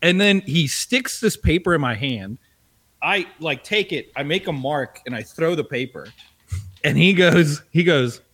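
Lively, profane man telling a story. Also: on the high side, normal speed. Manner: animated, profane, laughing often. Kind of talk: casual storytelling chat.

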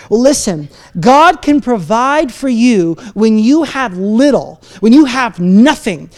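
A man's voice: extremely high pitch, expressive, moderate pace, hardly any pauses, a little mellow. A man preaching a sermon as pastor, talking in a conversational, self-deprecating way with asides and laughs.

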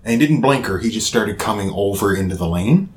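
A man in his thirties from Nova Scotia, telling a story in a casual chat, animated and profane, acting out quotes. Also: lowish voice, a little fast.

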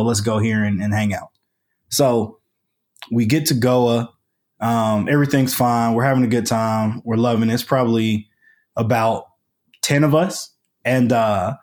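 With a darkish, medium-pitched voice, this American podcast guest recounts a story informally. His telling is loose and colloquial, full of filler words and false starts.

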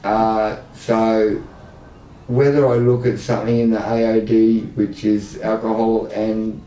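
Aussie bloke, middle-aged, blunt and cheeky, mellow low-ish voice, kinda far off in a roomy echoey space. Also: male voice, flat delivery, measured pace. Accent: Australian. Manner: blunt, emotional, self-mocking humor. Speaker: service user guest. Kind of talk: candid conversational storytelling. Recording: echoey room, distant mic, faint background noise.

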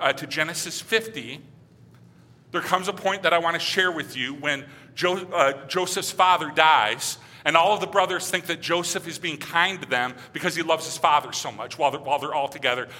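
A man preaching a sermon in a conversational way, reading scripture aloud and dropping to quiet, hushed passages. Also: fairly high pitch. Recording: hall reverb.

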